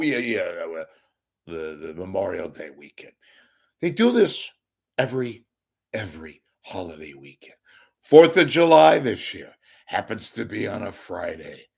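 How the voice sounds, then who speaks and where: A hoarse man delivering a sarcastic ranting monologue as a commentator. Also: on the low side.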